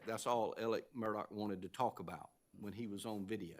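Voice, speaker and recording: A man serving as an appellate justice, questioning counsel from the bench in a halting, measured way, with many fillers and restarts. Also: lowish voice, fairly even intonation, a little hiss or hum. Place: appeals courtroom.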